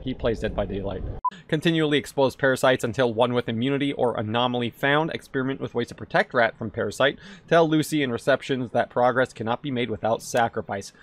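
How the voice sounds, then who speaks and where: A man streaming video games, giving sarcastic, excitable commentary that bursts into shouts. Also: mid-range voice, a little hiss or hum. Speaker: gaming streamer. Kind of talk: casual gameplay commentary.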